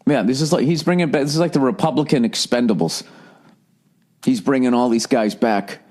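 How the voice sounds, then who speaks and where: A man in his forties with a Boston accent, hosting a solo comedy podcast and ranting in a profane, sardonic, animated way. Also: medium pitch, a little fast. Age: 40s. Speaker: podcast host.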